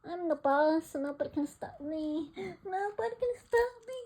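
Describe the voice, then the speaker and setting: A woman speaking as her bossy little male pet parrotlet, bragging in a slow, mock-tough way. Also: very high voice, expressive, mellow. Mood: boastful.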